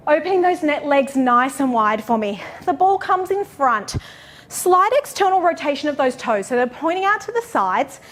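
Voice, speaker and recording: A young woman teaching a pilates class, counting reps aloud and cueing form encouragingly while out of breath. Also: sits high. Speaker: pilates instructor.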